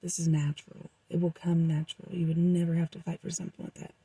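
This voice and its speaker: Very breathy, husky woman reading tarot. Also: on the low side, flat delivery, fast talker, dark tone, no echo, poor audio. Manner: rambling, meandering with frequent fillers. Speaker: tarot reader. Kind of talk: casual tarot reading to viewers.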